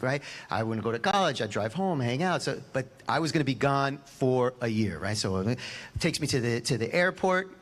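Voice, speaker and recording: A man's voice: mid-range voice, lively intonation, normal speed. A man in his forties, a rabbi telling a personal story in a casual sermon and often tossing in "right?". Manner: chatty, with rhetorical "right?" asides.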